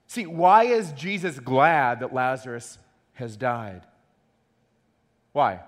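A man preaching a sermon in an animated way, repeating words as he acts out quotes. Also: mid-range voice, slow pace. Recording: long hall reverb.

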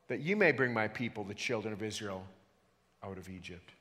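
A man's voice: lowish voice, animated, brisk, pushed and bright. A man preaching a sermon to his church, earnest and emphatic, often putting questions to the congregation. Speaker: pastor. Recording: long hall reverb.

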